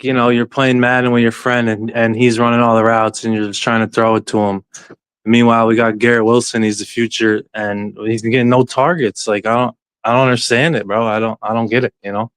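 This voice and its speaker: Casual male caller, smooth clear voice, dry sound, rambling and cussing. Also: medium pitch, fairly bright tone, dry recording. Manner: loose, profane, rambling. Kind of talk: casual call-in chat.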